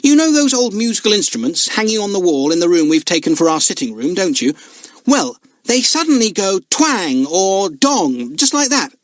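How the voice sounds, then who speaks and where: A man's voice: high-pitched, big pitch swings, normal speed, no room sound, clean studio sound, voice pushed up. A man voicing a cheerful, unafraid boy in an audiobook who teases politely. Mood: breezy. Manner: cheery and polite, lightly teasing. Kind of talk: audiobook character voice.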